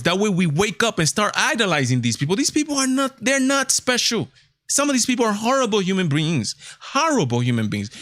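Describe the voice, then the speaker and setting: A man's voice: a little high, fairly bright tone, no echo, studio quality. A man hosting a casual livestream, talking emphatically with lots of repetition. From Hispanic heritage, United States. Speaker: show host.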